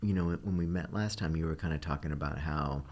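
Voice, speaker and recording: A man interviewing an artist, asking slow, tentative questions full of hedges. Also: very deep voice, a little mellow. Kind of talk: casual interview.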